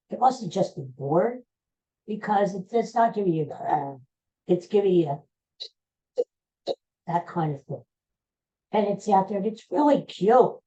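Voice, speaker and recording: A man's voice: sits high, mellow. A man hosting a podcast, telling a story in a chatty, rambling way and often breaking off mid-phrase to restart. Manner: chatty, rambling, self-interrupting. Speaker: podcast host. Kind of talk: casual storytelling monologue. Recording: dull lo-fi recording.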